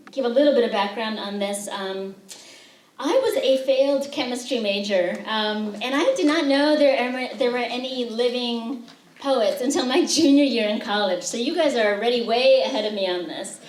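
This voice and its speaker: A woman poet with a fairly high voice reads her work and tells chatty, humorous stories, often pausing on "um". She sounds set back from the microphone. The lecture room around her is echoey. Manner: chatty, humorous storytelling with frequent "um" fillers. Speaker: poet giving a reading. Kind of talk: poetry reading with spoken anecdotes. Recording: roomy sound, voice distant from the mic.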